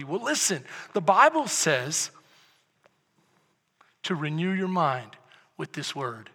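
A man preaching a sermon as pastor, moving from quiet talk to loud, shouted preaching. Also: on the high side, sing-song, slow, long pauses, breathy edge. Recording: echoey hall with long reverb.

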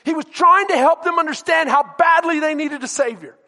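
A man's voice: extremely high pitch, a little fast, bright, forceful tone, long reverb tail. A male pastor preaching a sermon, emphatic and questioning his congregation directly.

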